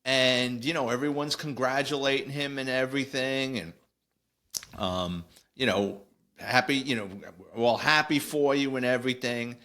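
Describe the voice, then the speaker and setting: Middle-aged new guy spinning a long story, bright forceful voice, keeps going off on tangents. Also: medium pitch, moderate pace. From New York. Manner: animated, digressive, acts out quoted voices. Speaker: podcast host, former police officer. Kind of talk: casual storytelling.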